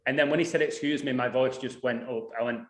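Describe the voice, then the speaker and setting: A man, hosting a casual conversational interview and telling stories in an animated way, acting out quarrels. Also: medium pitch, fast talker. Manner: animated storyteller, acts out quarrels. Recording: echoey room.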